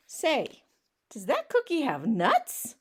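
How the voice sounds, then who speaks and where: A woman voicing a pushy, whiny male pigeon who keeps demanding things, in a loud, insistent, complaining way. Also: sits high, huge pitch swings, slow, slight background noise, voice pushed up, exaggerated voice. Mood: indignant.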